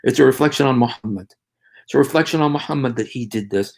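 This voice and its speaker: A man hosting a casual livestream, talking in a halting, rambling way with many fillers and restarts. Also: medium pitch, vocal fry. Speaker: livestream host.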